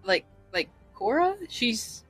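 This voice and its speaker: Woman player, casual and rambling, slow with a lively high voice. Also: soft background music, poor audio. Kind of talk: casual in-character play.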